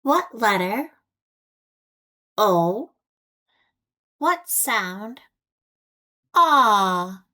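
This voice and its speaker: Very slow, deliberate American woman teacher. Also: medium pitch, sing-song, pushed and bright. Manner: deliberate, repeats each word with long pauses. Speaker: ESL teacher. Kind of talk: slow, clearly enunciated phonics lesson.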